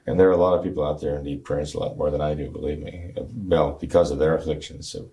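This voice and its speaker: A man, a priest, talking earnestly in an interview with a gravelly, recovering voice and preaching restarts. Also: rumbling low, fairly even intonation, fast, dark tone. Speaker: priest guest. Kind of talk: talk show interview.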